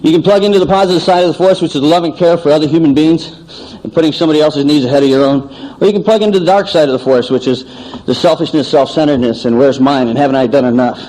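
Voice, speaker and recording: A man shares his story at a recovery meeting, talking quickly in a somewhat high voice. He tells it with animation, acting out bits of dialogue. The sound is an old cassette tape recording. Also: mellow, poor audio. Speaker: AA speaker.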